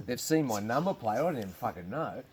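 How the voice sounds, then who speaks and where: Aussie comedian bloke telling rude yarns, swears a lot, bit of hiss behind. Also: male voice, mid-range voice, animated, fairly quick, darkish tone. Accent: Australian. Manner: crude, swearing yarn-spinner. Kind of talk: casual storytelling. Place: outdoors on a farm.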